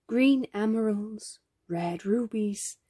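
Slow, husky woman reading a storybook. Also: medium pitch, no room sound, studio quality. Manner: expressive, gentle storytelling. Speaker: storybook reader. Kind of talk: children's picture-book read-aloud.

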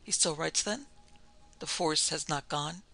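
A man playing a grave, gentle psychic doctor. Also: a little high, a little slow, gravelly, faint music behind, exaggerated voice. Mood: grave, calm. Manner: gentle, compelling seriousness. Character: calm, serious middle-aged male psychic doctor. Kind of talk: classic ghost story reading.

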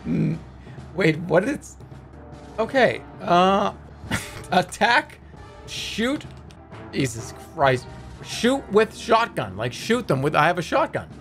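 A man's voice: high-pitched, very animated, slow, gravelly, a bit bright, faint music behind. A man streaming a text game, reading its lines aloud with wry, joking asides and free swearing.

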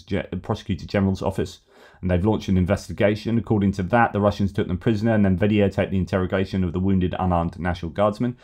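Guy ranting about the news, low mellow voice, gets loud and heated. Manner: ranting, animated, argumentative. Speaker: news commentary host. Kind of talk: opinionated news commentary.

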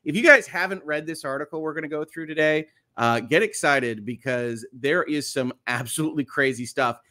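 His voice sits a little high, bright and forceful, at a moderate pace. He's hosting a morning livestream on legal news, greeting his audience and reading their comments aloud in a chatty, upbeat, casual way.

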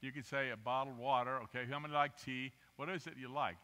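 A man preaching a guest sermon, talking with the congregation and asking them to raise their hands, shifting from quiet asides to loud, emphatic bursts. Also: mid-range voice, fast, clean tone. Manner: animated, interactive with the congregation, asks for raised hands. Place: church sanctuary. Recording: long reverb of a church hall.

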